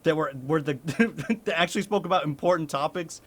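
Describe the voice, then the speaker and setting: A man's voice: a little high, brisk. A young man from the United States, a streamer chatting casually with his chat, laughing often and swearing.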